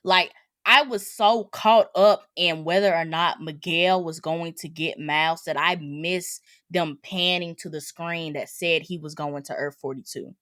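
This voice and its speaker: A woman's voice: fairly low pitch, steady tone, measured pace, a bit bright, no room sound, clean studio sound. A woman co-hosting a podcast, casually and animatedly talking through movie details. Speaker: podcast co-host. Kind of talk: casual chat.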